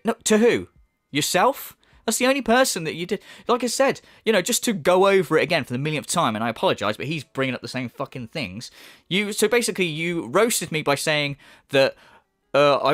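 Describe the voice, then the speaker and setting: A man's voice: fairly high pitch, animated, brisk, a bit bright, no echo, clean studio sound. A man giving an angry, sarcastic commentary full of swearing and mockery. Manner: profane, mocking, sarcastic rant. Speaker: YouTube commentator.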